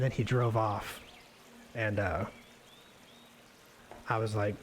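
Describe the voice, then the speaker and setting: A man giving a relaxed, rambling live painting demonstration, thinking aloud with many fillers and restarts as he works. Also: fairly low pitch, slow pace, slight background noise. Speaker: art instructor painting live. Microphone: desk microphone on a livestream.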